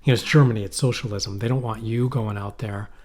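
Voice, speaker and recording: A man's voice: fairly low pitch, steady tone, quick pace. A middle-aged man co-hosting a podcast, telling rambling stories with swearing and acted-out quotes. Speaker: podcast co-host. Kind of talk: casual chat. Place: cold shack.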